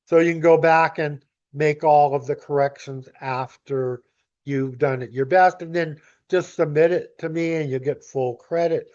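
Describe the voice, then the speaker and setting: Slow, patient man teaching grammar. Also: fairly high pitch, steady tone, a little mellow, muffled recording. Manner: patient, explanatory, slow and deliberate. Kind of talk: recorded grammar lesson walkthrough.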